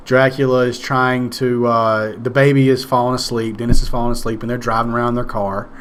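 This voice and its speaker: A man's voice: mid-range voice, a bit bright, slight background noise. A man casually recapping a movie, rambling, sarcastic and swearing now and then. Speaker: movie reviewer.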